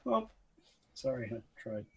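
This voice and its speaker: A man at a tabletop game table who talks hesitantly and with many fillers while he argues over the rules. His voice is husky and breathy. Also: medium pitch, very animated, unhurried, darkish tone. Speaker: player. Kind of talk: casual game table talk.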